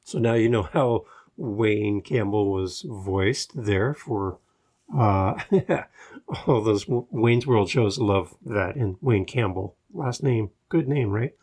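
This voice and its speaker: A man's voice: on the low side, takes it slowly, a little mellow, slightly rough. A Canadian man hosting a podcast, giving advice in an earnest, easygoing and self-deprecating monologue. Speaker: podcast host.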